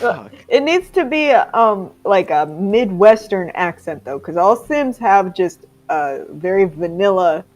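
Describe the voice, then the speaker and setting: A woman's voice: mid-range voice, animated, unhurried, a little mellow. A woman player in a tabletop game, chatting casually and laughing often.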